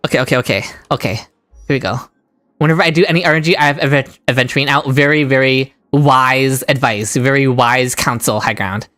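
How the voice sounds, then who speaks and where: Rumbling low and a bit bright, a woman's voice moves a little fast as she streams a game live through a desk mic. She shrieks with joy at lucky rolls and keeps chatting with viewers in chat.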